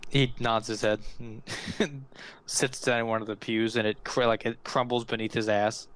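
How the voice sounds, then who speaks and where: A man narrating a tabletop role-playing game as game master in a relaxed, good-humored way. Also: mid-range voice, normal speed, low-quality recording.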